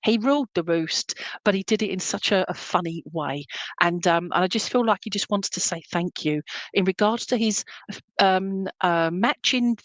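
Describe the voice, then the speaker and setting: A woman's voice: mid-range voice, dry recording. Reassuring woman giving a psychic reading. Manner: reassuring, checks in with frequent "okay?"; chatty and meandering, many fillers. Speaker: psychic medium.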